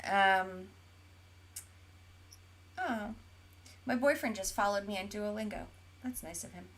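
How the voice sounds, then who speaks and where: Slow and a bit bright at medium pitch, the Oklahoma co-host chats through a casual streamed gaming podcast. She reads viewer comments out loud, peppering everything with fillers.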